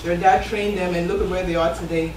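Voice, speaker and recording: A woman's voice: fairly low pitch, steady tone, brisk. A woman hosting a live event, giving an encouraging talk with frequent ums. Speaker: event host. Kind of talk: motivational talk. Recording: echoey room, far from mic, noisy.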